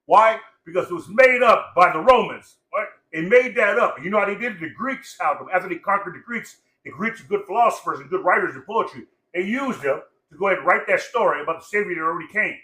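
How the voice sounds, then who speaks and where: A man's voice: sits high, animated, fast, few pauses, bright, forceful tone, reverberant. A man of Samoan heritage born in Los Angeles, ranting in profane, repetitive, preachy casual talk. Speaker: podcast guest.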